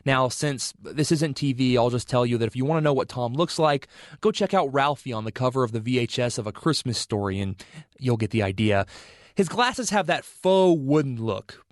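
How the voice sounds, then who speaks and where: A man's voice: medium pitch, no echo, clean studio sound. A man who produces a radio show, narrating a scripted feature in a wry, conversational way. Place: radio studio. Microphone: studio mic.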